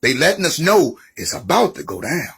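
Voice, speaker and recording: A man giving an excited, joking rant, talking back at a news report. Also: on the high side, normal speed, slightly rough. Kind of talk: casual ranting commentary.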